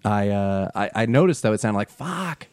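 A man's voice: on the low side, a little fast, smooth, no room sound. A man from New Jersey with a New Jersey accent, hosting a podcast in casual chat and laughing often. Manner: laughs often, animated storyteller. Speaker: podcast host.

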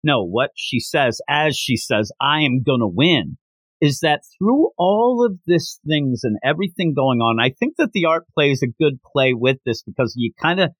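A man hosting a manga podcast, recapping a chapter in casual commentary and breaking into quick acted quotes. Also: a little high, dry recording. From United States. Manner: animated, breaks into quick acted quotes and mock announcer yells.

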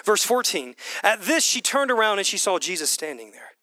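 A middle-aged man preaching a sermon in an animated way, repeating key phrases for emphasis. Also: high voice, fairly quick, no echo. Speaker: pastor.

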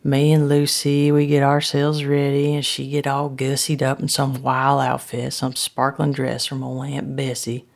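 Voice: medium pitch, monotone, measured pace, vocal fry, hardly any pauses. A performer playing a rambling woman in a comic monologue, drifting between chatter and whispers. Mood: chatty. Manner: rambling, many restarts, drops into whispers. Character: homespun rural Southern woman, gossipy, rambling.

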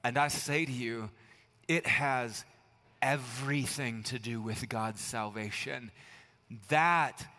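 A middle-aged American man preaching a sermon, telling family stories in a relaxed way and dropping to a soft hush to stress a point. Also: mid-range voice, in a large hall. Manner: conversational storytelling, dropping to soft near-whispers for emphasis. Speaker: pastor. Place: church sanctuary.

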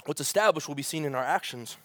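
A man preaching a sermon as pastor, in an animated, conversational way, asking the congregation rhetorical questions. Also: on the high side, quick pace, no echo, clean studio sound.

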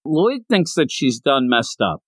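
A man's voice: mid-range voice, dry recording. Podcast host guy recapping manga chapters, bouncy voice all over the place, dry close sound. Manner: animated retelling of scenes, slipping into quick character voices. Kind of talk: casual manga discussion podcast.

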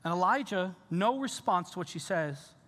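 Man, pastor, sermon, high voice, earnest, animated, long church reverb. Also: moderate pace. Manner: earnest, animated preaching with casual fillers. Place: church sanctuary.

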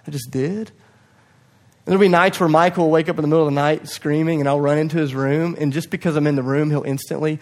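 A young male pastor preaches to his church in a slightly high voice. He moves from loud, urgent calls to quiet, hushed lines, and slips in self-deprecating asides. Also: fairly even intonation, a little fast. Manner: passionate, swings from loud urging to hushed quiet. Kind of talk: sermon. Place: church hall.

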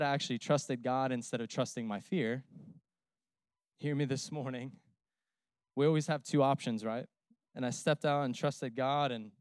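A man's voice: medium pitch, clear, resonant tone, dry recording, studio quality. A man in his thirties, a pastor, preaching a sermon in a conversational, humorous storytelling way.

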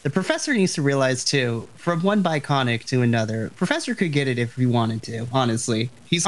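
A man's voice: mid-range voice, expressive, fairly quick, hardly any pauses. A man co-hosting a casual wrestling podcast, joking playfully and laughing often, on a home mic over a group call. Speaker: podcast co-host. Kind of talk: casual live-reaction chat.

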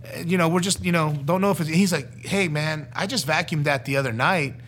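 A middle-aged man with a voice that sits a little high tells his own testimony as a former youth pastor. He tells it in a lively way and acts out each person he quotes. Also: fairly quick, a little hiss or hum. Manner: animated storytelling, acting out the people he quotes.

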